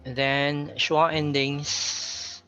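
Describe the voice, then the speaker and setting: A man's voice: fairly high pitch, little pitch movement, extremely slow, bright, forceful tone, smooth, faint music behind, rough recording. A man from the Philippines with a Filipino accent, teaching an English pronunciation lesson and repeating example words as he explains them.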